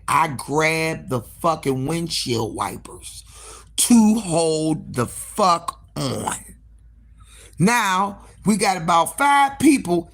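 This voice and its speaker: Animated, foul-mouthed woman telling a story. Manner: animated and profane, with frequent swearing and direct asides to listeners; acts out dialogue, jumping up sharply in pitch for quoted lines. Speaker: hair salon owner. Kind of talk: casual storytelling on a live stream.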